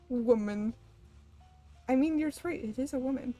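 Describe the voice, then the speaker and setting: Chatty high-voiced woman streamer. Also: mellow. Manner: rambling, laughs often, swears casually. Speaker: game streamer. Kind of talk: casual chat while gaming.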